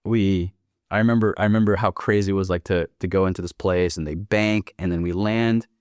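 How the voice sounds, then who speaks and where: A young man telling a casual, profane story, acting out the dialogue and jumping higher when he quotes himself. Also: steady tone, fairly quick, darkish tone, no room sound, studio quality. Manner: swearing freely, acting out dialogue. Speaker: guest.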